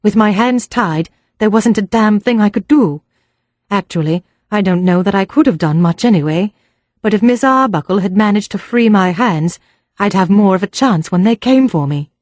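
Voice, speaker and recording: A woman's voice: medium pitch, animated, normal speed, darkish tone, no echo, close to an everyday voice. A woman doing a plucky young gent. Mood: earnest. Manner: jaunty, old-fashioned slang. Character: cheerful young English gentleman, plucky.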